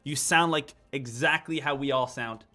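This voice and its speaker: A man's voice: medium pitch, moderate pace, bright, forceful tone. A man hosting a live stock trading stream, chatting casually and repeating each ticker call over and over. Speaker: stock trading livestream host.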